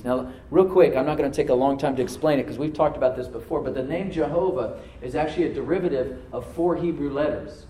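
A man preaching to a congregation, reading scripture aloud and then dropping to a soft voice to stress a point, calling for responses from the room. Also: medium pitch, a little fast, echoey room, a little hiss or hum, rough recording. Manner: asks the congregation to answer back. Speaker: pastor. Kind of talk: sermon. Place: church service with a live congregation.

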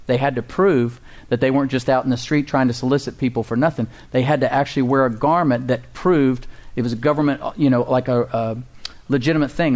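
Man, pastor, sermon, emphatic, rhetorical questions, mid-pitched voice. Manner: emphatic, rises high for quoted cries and drops low and soft for stillness; asks the congregation questions.

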